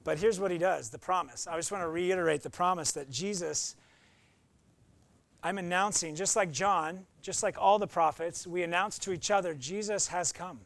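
A man's voice: high voice, normal speed, vocal fry, a bit bright, dry recording. A young adult man preaching a conversational sermon as pastor, often acting out quoted voices.

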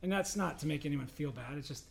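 A man with a high voice preaches to his church in a relaxed, chatty manner. He jokes with the congregation and slips into little acted voices to make his point. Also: fast, gravelly, noisy background. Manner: conversational, humorous, acts out voices in quotes. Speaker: pastor. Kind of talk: sermon.

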